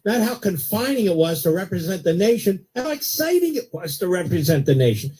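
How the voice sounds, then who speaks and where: A man's voice: sits high, big pitch swings, fairly quick, dark tone, breathy edge. An older man hosting a talk radio show, delivering an indignant, sarcastic monologue.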